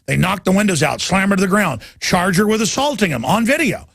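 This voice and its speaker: A man's voice: high-pitched, sing-song, fast, gravelly, hardly any pauses, fairly bright tone, husky, no echo, clean studio sound. A man hosting a talk radio show, delivering an urgent, rambling monologue and calling his listeners folks.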